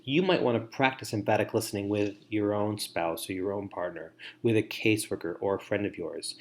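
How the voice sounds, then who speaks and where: A middle-aged man presenting an instructional webinar for foster parents, giving earnest, measured advice with deliberate pauses and repeated phrases. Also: fairly low pitch.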